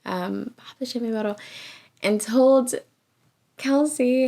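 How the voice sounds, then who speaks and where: A woman's voice: on the high side, slow. A woman recapping a reality show in a casual, chatty way, laughing often and acting out what people said. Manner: animated, laughs often, acts out quotes.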